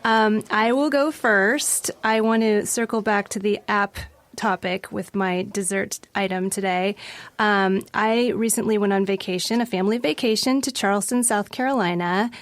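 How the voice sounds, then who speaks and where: A woman's voice: medium pitch, moderate pace, dry recording. A woman hosting a casual podcast roundtable, upbeat and enthusiastic, often laughing. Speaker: podcast host.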